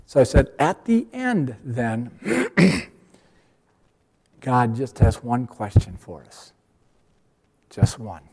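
A man's voice: takes it slowly, long pauses, husky. Older man preaching in a reverberant hall. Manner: storytelling, acts out dialogues with lively pitch jumps. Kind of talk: sermon with acted-out stories. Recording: long reverb of a large hall.

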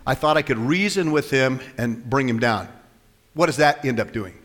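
A man preaching to his congregation, his voice sitting in a mid range. He keeps shifting between forceful bursts and hushed asides, acting out the quotes as he goes. His words hang in the long reverb of a church hall. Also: medium pitch, normal speed. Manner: animated, swings from loud to soft, acts out quotes. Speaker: pastor. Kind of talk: sermon.

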